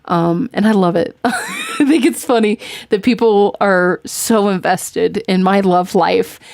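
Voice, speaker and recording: A woman's voice: mid-range voice, huge pitch swings, slow, creaky, a little mellow, dry recording. A woman hosting a podcast in casual chat, giggling often and rambling as she talks. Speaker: podcast host.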